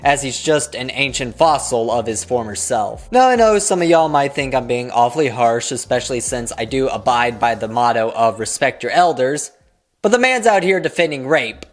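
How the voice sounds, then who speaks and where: A man's voice: medium pitch, animated, moderate pace, soft background music. A man giving sarcastic video commentary, mocking and blunt and swearing freely. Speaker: commentary YouTuber.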